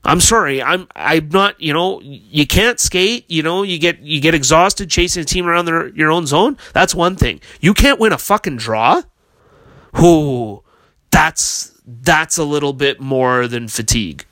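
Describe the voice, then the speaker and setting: A man's voice: fairly high pitch, expressive, normal speed, few pauses, bright, forceful tone, no echo. A man hosting a hockey podcast, ranting in a heated, profane, casual way. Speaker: podcast host.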